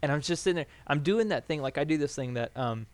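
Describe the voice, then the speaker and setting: A young man co-hosting a podcast, telling stories in a rambling, animated way with lots of fillers. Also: fairly high pitch, fast talker, no echo. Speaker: podcast co-host. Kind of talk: casual chat.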